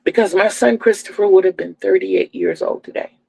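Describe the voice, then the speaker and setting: A woman's voice: mid-range voice, fairly even intonation, moderate pace, vocal fry, warm tone, slightly rough, dry recording, low-quality recording. A woman in her sixties from Virginia, hosting her crochet channel in a homey, chatty livestream and calling her viewers "y'all". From Virginia, USA. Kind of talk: casual livestream chat.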